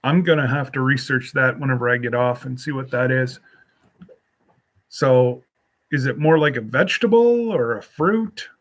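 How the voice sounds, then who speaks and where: A man's voice: medium pitch, moderate pace. A man hosting a casual solo live stream, rambling as he reads and answers viewer comments with a folksy, teasing manner.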